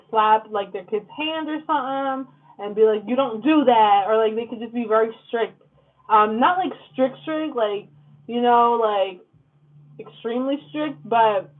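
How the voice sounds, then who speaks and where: A woman giving a casual tarot reading, blunt and profane, full of "like" and "okay?". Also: a little high. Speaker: tarot reader. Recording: lo-fi phone-like sound.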